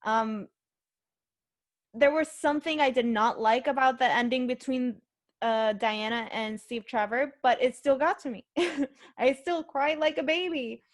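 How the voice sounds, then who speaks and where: A woman's voice: high voice, a little slow. A young woman hosting a podcast, reviewing a movie in casual, rambling chat full of fillers. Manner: rambling, filler-heavy, emotional. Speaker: podcast host.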